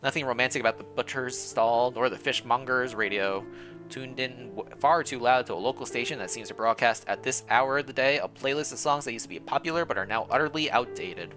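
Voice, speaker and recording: A man's voice: mid-range voice, brisk, over music. A man streaming, casually reading a visual novel aloud and commenting, often laughing and correcting himself.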